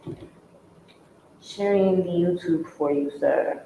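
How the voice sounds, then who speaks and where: A woman's voice: lowish voice, slow pace, vocal fry, dull audio, a little hiss or hum. Hyped woman podcast host, echoey room. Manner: upbeat, hyped, slangy. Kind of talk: casual podcast chat. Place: creative studio space on location. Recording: roomy echo.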